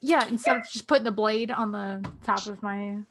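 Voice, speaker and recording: A woman's voice: medium pitch, steady tone, moderate pace, fairly bright tone. Lady cohosting a gaming podcast, chatty, laughs a lot. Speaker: podcast co-host. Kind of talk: casual chat.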